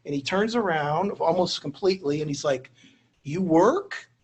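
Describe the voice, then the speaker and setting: A man's voice: fairly high pitch, a little fast, breathy edge. A man who teaches at a university, telling an anecdote in a lecture, self-deprecating, with many fillers and restarts. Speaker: university instructor. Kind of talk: storytelling lecture.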